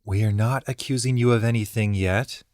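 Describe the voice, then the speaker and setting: A man's voice: fairly low pitch, steady tone, moderate pace, darkish tone, no room sound, clean studio sound, close to an everyday voice. A man voicing a blunt, wry young woman adventurer in an audiobook. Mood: guarded.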